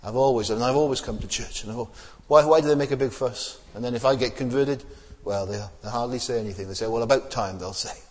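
A man's voice: medium pitch, fast, darkish tone, long reverb tail. A man preaching a sermon in a conversational way, often asking rhetorical questions and repeating words as he goes.

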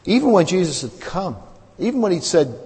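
A man preaching a sermon in a casual, conversational way, often asking "isn't it?" and pausing on fillers. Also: high-pitched, sing-song, a little mellow, big-room sound. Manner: conversational, asks many tag questions, frequent fillers.

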